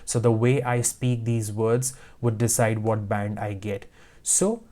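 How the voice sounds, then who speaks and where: A man's voice: lowish voice, darkish tone. A man teaching IELTS speaking tips, giving direct, emphatic advice in short repeated commands. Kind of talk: instructional talk to camera.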